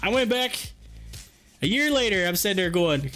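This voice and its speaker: A man hosting a casual livestream, reading chat and talking in an excited, chatty, folksy way, a bit hoarse. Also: high-pitched, moderate pace, faint music behind. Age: adult with kids. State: hoarse, losing his voice.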